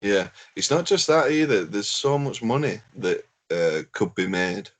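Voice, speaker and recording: A man with a slightly low voice co-hosts a casual podcast chat. He talks in a laid-back way, drops the odd swear word and laughs easily. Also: sing-song, unhurried. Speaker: podcast co-host.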